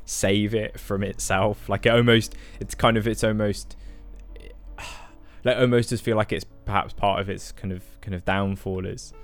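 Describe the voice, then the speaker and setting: A man chats about films in a relaxed, easygoing way. His voice is deep and gravelly, with faint music in the background. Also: normal speed. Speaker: podcast co-host. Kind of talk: casual film review chat.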